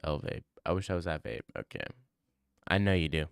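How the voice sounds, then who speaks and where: Male streamer, casual rambling banter, smooth clear voice, mid pitch, dry close sound. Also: a little fast, dry recording. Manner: rambling, joking banter with chat. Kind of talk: casual livestream chat.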